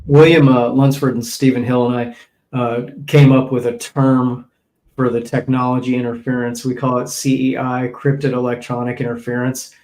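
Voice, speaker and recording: A man's voice: medium pitch, level tone, moderate pace, darkish tone, rough recording. A man hosts a casual podcast interview in an ordinary mid-range voice, polite and explaining things plainly before he passes the questions to his co-hosts. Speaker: podcast host.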